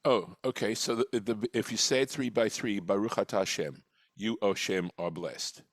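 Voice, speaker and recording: Deep-voiced man teaching a text class. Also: moderate pace, no room sound. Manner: reflective and patient, with frequent restarts. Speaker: teacher leading a weekly text study class. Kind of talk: explanatory teaching with discussion.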